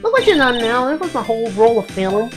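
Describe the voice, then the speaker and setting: A woman voicing a pushy, loud female photographer in a put-on American Southern drawl, over loud game music. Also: fairly high pitch, very animated, brisk. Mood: scolding.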